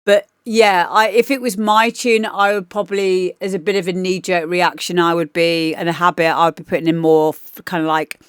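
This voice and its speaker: Woman dj chatting on stream, lots of ums, lowish smooth voice. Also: little pitch movement, moderate pace, hardly any pauses, no room sound, clean studio sound. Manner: rambling, chatty, lots of fillers. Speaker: DJ and livestream host. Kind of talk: casual feedback on music demos.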